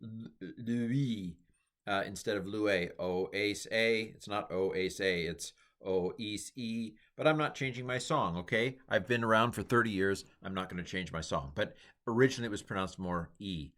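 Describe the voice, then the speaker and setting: Rambling middle-aged man teaching, low voice. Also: fairly quick, hardly any pauses, a bit bright. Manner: rambling, self-deprecating, many fillers. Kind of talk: informal lecture.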